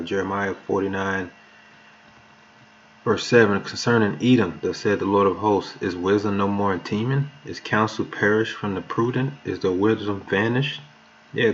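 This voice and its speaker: A man's voice: on the low side, slight background noise. A man preaching a sermon who reads verses aloud with emphasis and stumbles over words now and then. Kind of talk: sermon with scripture reading. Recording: muffled lo-fi recording.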